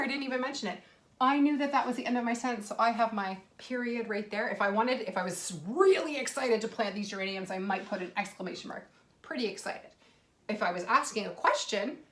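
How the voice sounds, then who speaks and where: A woman kindergarten teacher giving a video lesson for young children, stretching out words slowly as she sounds them out. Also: medium pitch. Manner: slow, drawn-out sounding out of words, warm encouraging. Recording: echoey room.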